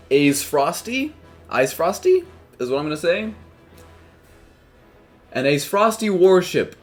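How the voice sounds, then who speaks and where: A man's voice: medium pitch, darkish tone. A man giving let's play commentary over a game, joking and mocking its old-fashioned dialogue. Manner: jokey, mocks the game's old-fashioned dialogue. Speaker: game streamer.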